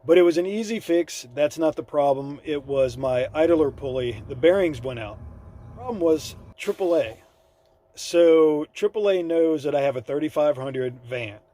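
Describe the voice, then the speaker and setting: A man's voice: a little high, mellow, no room sound. A man vlogging in a casual, rambling storytelling way, acting out the people in his story, with plenty of fillers. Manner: rambling, laid-back storytelling with fillers and quoted dialogue. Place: by his van on the side of the road.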